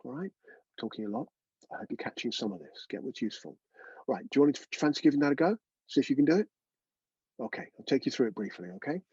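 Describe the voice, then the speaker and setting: A man's voice: medium pitch, animated, fast talker, pauses often, dark tone, breathy edge, no room sound, dull audio. A man teaching a live online breathwork class, chatty and coaching, often checking in with his students.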